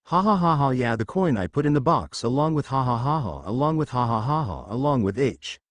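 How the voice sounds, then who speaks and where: A man's voice: mid-range voice, very animated, fairly quick, no room sound, lightly acted. A man voicing a manic young male villain clown in a storybook reading, giggling and mocking with bursts of mad laughter.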